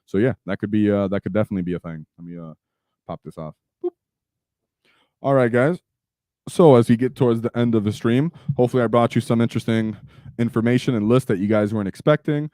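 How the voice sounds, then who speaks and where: A man's voice: on the low side, warm tone, clear, resonant tone, dry recording, studio quality. An American man hosting a casual live stream, chatty and reading viewer comments.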